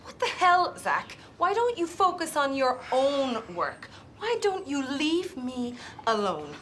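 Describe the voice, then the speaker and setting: A woman's voice: sits high, sing-song, takes it slowly, fairly bright tone, slight background noise, exaggerated voice. A woman playing a tense painter and harried phone psychic in a comic TV sketch, impatient and exasperated. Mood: irritated. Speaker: sketch character.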